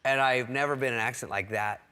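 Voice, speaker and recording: A man's voice: mid-range voice, fast, slight background noise. A man telling comic stories as a talk show guest, acting out the voices of people in them. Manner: animated, acts out quoted voices. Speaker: guest comedian.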